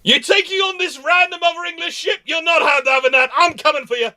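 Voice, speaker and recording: A man voicing a brash, reckless medieval nobleman warrior who shouts battle cries. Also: extremely high pitch, animated, normal speed, pitched above the performer's own voice, full character voice. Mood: boisterous.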